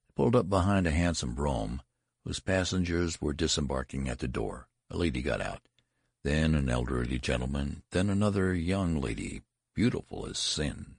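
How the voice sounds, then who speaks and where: Audiobook narrator, male, very low and gravelly, dry booth sound. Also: expressive, normal speed, no room sound. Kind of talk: storybook narration.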